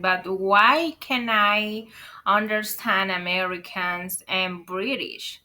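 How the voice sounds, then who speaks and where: Bright-voiced woman teaching slang slowly. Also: mid-range voice. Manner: explains patiently, asks "right?" often, calls viewers "guys". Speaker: English teacher. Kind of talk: casual online lesson.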